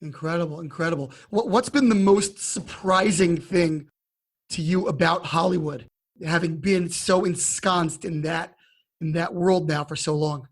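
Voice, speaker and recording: High-voiced curious podcast host. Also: male voice, measured pace. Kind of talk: interviewing.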